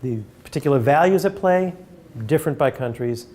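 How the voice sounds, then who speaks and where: A man giving an academic talk and taking questions from the audience, speaking earnestly and in a measured way, often restarting his sentences. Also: a little high, expressive, darkish tone. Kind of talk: lecture with questions.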